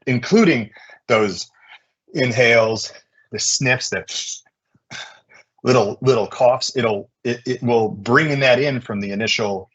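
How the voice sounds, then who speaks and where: Husky man presenting at a talk. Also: mid-range voice, dull audio. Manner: energetic, chatty, many fillers. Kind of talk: conference presentation.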